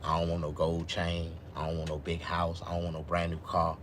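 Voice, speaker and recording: On a relaxed live stream, a man with a low, deep voice rambles a little fast, swearing freely. His missing teeth make his words come out loose and slurred, and he lurches from mumbles into loud, excited bursts against faint background noise.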